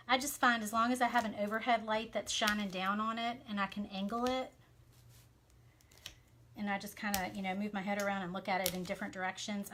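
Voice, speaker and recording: A woman's voice: mid-range voice, fairly bright tone, a little hiss or hum. A woman with a Southern American accent chatting casually with viewers as she works on a craft live stream, with plenty of fillers along the way. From Southern United States. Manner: chatty, talks to viewers while working, many fillers. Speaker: craft vlogger.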